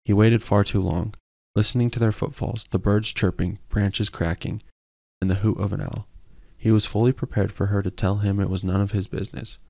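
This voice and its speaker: A man narrating a romance novel as an audiobook in a steady, even storytelling manner. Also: on the low side, moderate pace, gravelly, no room sound, clean studio sound. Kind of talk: scripted narration.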